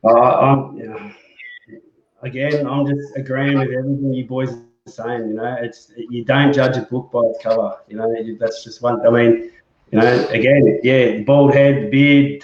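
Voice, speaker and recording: A man's voice: mid-range voice, fairly even intonation, normal speed. A man hosting a casual chat show, speaking in a hesitant way full of fillers. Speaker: host. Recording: roomy, dull lo-fi sound.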